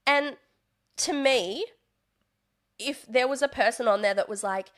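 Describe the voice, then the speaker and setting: A young woman in casual interview chat, chatty and animated, slipping into exaggerated voices when she quotes people. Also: fairly high pitch, a little slow. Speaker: podcast guest, reality TV contestant and stand-up comedian.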